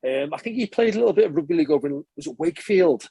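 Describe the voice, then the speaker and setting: A former professional rugby player in his thirties, guesting on a podcast, tells relaxed stories from his playing days, fast and chatty with frequent fillers, restarts and self-corrections. His voice is slightly husky, a touch high for a man, animated and warm. He sounds close to the mic in a dry, dead room with no echo.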